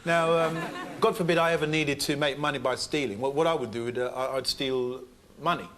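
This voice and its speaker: A man arguing on a comedy panel, stumbling over his words in an excitable way. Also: a little high, a little fast, noisy background. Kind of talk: comic panel debate.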